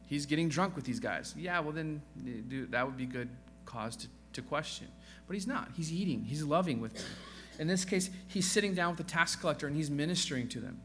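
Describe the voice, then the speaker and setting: Male pastor with a fairly high, bright voice, preaching casually with self-deprecating humor. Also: animated, a little fast. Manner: conversational, acts out quoted voices; self-deprecating joking asides. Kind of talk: sermon.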